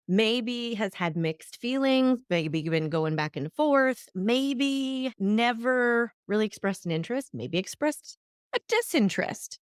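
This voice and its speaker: A woman hosting a solo podcast, teaching in an animated way and acting out the voices she quotes. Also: on the high side, smooth, no room sound, clean studio sound. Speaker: podcast host.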